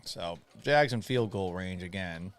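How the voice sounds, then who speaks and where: A man's voice: low-pitched, expressive, unhurried. Man rambling through live game commentary. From Florida. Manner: rambling, reads viewer chat, play-by-play asides. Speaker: sports talk host. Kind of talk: casual live watch-party commentary.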